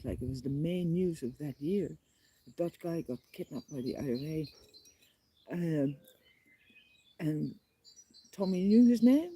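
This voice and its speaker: A traveling harpist tells a story to the camera in a loose, rambling way, full of restarts, chuckles and little acted-out voices for the people in it. The voice is very dark and mellow, at a middling pitch. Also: a little hiss or hum, poor audio. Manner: rambling, animated, acts out voices in quoted dialogue; frequent restarts and fillers, chuckles while telling. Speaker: traveling harpist on a long walk. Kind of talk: casual storytelling vlog.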